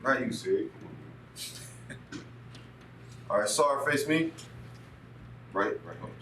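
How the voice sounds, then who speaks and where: A man's voice: medium pitch, animated, a little slow, sharp tone. Man leading chanted prayer in a roomy space. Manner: chanting prayer lines for a partner to repeat, instructive. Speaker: prayer leader. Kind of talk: call-and-response prayer. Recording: roomy echo, distant mic, faint noise.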